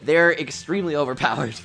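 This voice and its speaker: A woman streaming a game live, giggling often and gushing with excitement over her pulls. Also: low voice, normal speed, creaky. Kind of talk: live-stream gameplay commentary. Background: faint game music.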